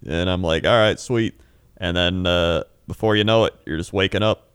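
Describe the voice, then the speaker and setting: A man's voice: deep voice, steady tone, normal speed, a bit bright, smooth, no echo, studio quality. A young man in casual podcast chat, telling rambling stories and laughing often. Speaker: podcast co-host.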